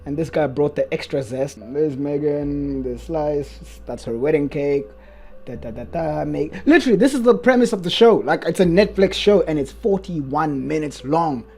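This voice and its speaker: A man giving casual, mocking reaction commentary as he recaps a show, chatty and quick to laugh. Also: a little high, animated, a little mellow.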